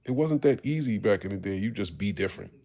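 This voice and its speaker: A man's voice: lowish voice, lively intonation, quick pace, warm tone. A man, telling his life story in casual talk, candid and profane, acting out the voices of people he quotes. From Harlem, New York. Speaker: podcast host.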